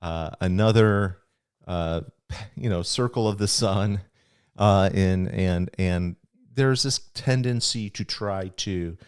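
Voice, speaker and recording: A man's voice: low voice, takes it slowly, smooth. A middle-aged man hosting a podcast, talking in a casual, reflective, rambling way with restarts and chuckles. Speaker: podcast host.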